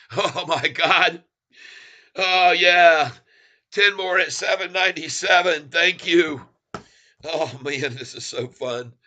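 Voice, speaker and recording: A man giving live stock-trading commentary, gleeful and excitable, reading out prices and chuckling at the market. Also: on the high side.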